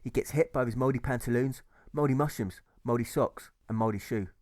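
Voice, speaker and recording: A man's voice: medium pitch, fairly quick, darkish tone, dry recording, studio quality. A man narrating his own rhyming novel as an audiobook, in a rhythmic delivery.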